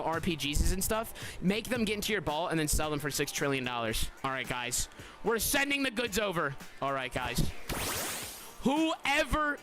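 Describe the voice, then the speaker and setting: Excitable high-voiced young man streamer. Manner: excitable, repeats "guys" constantly, yells at surprises. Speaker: streamer hosting a game tournament. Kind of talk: live game stream talk to chat.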